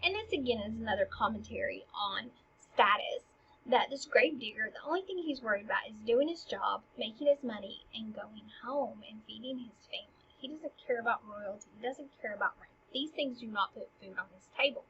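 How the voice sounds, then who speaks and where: A woman's voice: on the high side, expressive, brisk, fairly bright tone, muffled recording, slight background noise. A woman teacher explaining a play in casual language, paraphrasing each line into plain modern talk.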